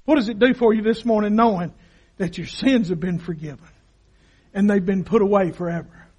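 A man preaching a sermon as pastor, dramatic and impassioned, dropping to a hush and then rising to shouts. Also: high-pitched, a little fast. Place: church sanctuary.

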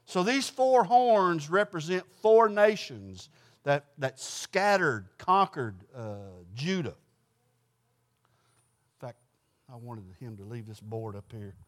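A man's voice: fairly high pitch, big pitch swings, slow pace. A man leading an informal Bible study class in a folksy way, putting questions to the group and answering them himself.

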